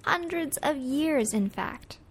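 A woman co-hosting a food history podcast reads facts from a script, trading turns upbeat with her partner. Her voice is high-pitched with lively intonation and a slow pace, with faint music underneath.

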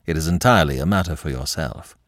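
A man reading a measured, ironic young Frenchman in a story. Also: rumbling low, dry recording, clean studio sound. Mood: wry. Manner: measured, wry.

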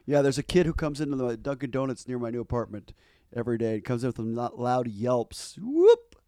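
A man in easygoing conversation, his voice mellow and a little dark. He rambles through stories with plenty of fillers and false starts. The sound is close and dry. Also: medium pitch, steady tone, fast, dry recording. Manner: rambling storyteller with frequent fillers and restarts. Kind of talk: casual chat.

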